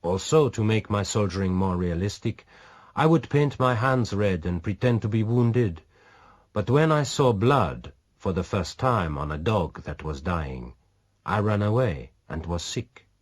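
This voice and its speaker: A male audiobook reader voicing a daring pirate captain who teases with dry, calm confidence. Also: lowish voice, unhurried, voice pushed up. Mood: mocking. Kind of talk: audiobook reading.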